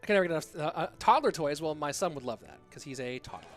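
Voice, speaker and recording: A man in his thirties casts a live online game match and chats casually with viewers, reading donations aloud. He talks fast, with a fairly high pitch and lively intonation, over soft background music.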